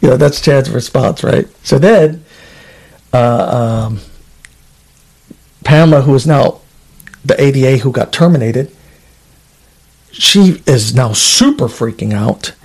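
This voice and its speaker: A man in an interview, talking about his time as a trooper and reading email chains aloud. He speaks casually, with many fillers and false starts, in a voice of ordinary pitch. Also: lively intonation, slow, pauses often, darkish tone, slightly rough. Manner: conversational, reads out documents, frequent fillers. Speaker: former state trooper.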